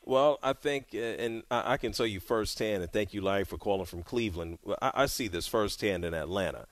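A man hosting a call-in sports radio show, talking in an animated, conversational way with drawn-out emphasis. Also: on the low side, no room sound. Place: radio studio.

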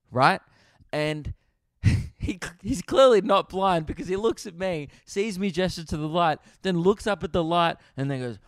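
A man's voice: on the high side, normal speed, no echo, studio quality. A young Australian man hosting a podcast, telling a funny story in a laid-back way, swearing freely and laughing at himself. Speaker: podcast host. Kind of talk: casual storytelling.

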